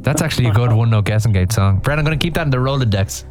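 Animated radio host. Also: male voice, mid-range voice, very fast, faint music behind. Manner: jokey, animated, teasing callers. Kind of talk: casual radio phone-in banter.

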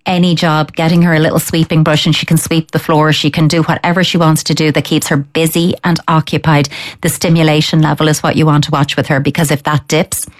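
Woman, low voice, calm and firm, parenting advice. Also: fairly quick. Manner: calm, firm, explains with acted-out child thoughts. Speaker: parenting expert answering listener letters. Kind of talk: advice on a radio or podcast show.

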